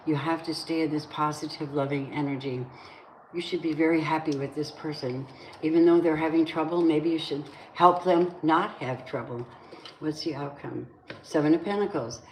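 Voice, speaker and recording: Low-voiced woman reading tarot, echoey room. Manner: blunt, swearing, flares up into angry venting. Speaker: tarot reader. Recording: echoey room with faint noise.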